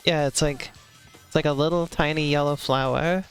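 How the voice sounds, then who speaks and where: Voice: mid-range voice, fairly even intonation, normal speed, smooth, soft background music. A streamer chatting casually while playing a video game, rambling with lots of filler words and giggling often.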